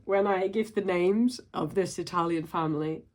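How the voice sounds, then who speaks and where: A woman in her late thirties with a slightly low voice reads her teenage writing aloud to camera. She keeps stopping to comment on it, laughing at her younger self in an amused, self-mocking way. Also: moderate pace, darkish tone. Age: late 30s. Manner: amused, laughs often while reading. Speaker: writer and vlogger.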